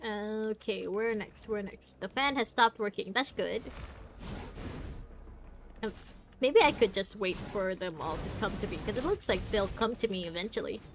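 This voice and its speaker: A woman streamer giving live commentary while playing a game, reacting out loud and reading the story text aloud. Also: mid-range voice, moderate pace, slight background noise. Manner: reactive, exclaims and groans at the game. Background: faint game music.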